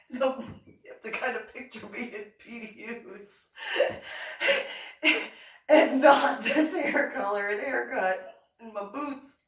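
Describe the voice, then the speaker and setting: A middle-aged woman telling a personal anecdote in a giggly, excitable way, laughing often, in an echoey room away from the mic. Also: fairly high pitch, slow, pauses often, far from the mic. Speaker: vlogger.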